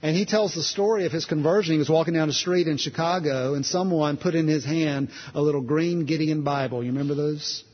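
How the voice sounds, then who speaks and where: A man's voice: a little high, fairly even intonation, fairly quick, few pauses, in a large hall, highs cut off. A man preaching a sermon in a conversational, storytelling way, restarting phrases as he goes.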